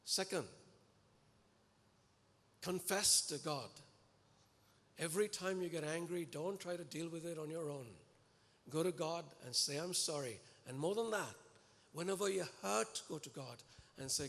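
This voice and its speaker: A man preaching a sermon to a congregation, earnest and animated, pleading and exhorting his listeners. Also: on the high side, unhurried, gravelly, long pauses. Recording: echoey hall with long reverb.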